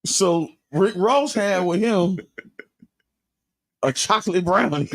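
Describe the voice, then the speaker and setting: A man's voice: high-pitched, lively intonation, takes it slowly. A man co-hosting a casual radio talk show, speaking emphatically, repeating himself and laughing. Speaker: co-host. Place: radio studio.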